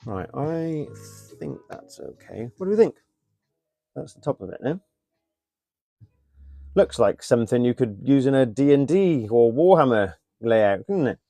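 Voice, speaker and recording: A man's voice: mid-range voice, big pitch swings, a little slow, vocal fry, pauses often, warm tone, no room sound, soft background music. A man chatting casually on a live stream while he builds a model, muttering as he works and answering viewers. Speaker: model railway hobbyist streamer.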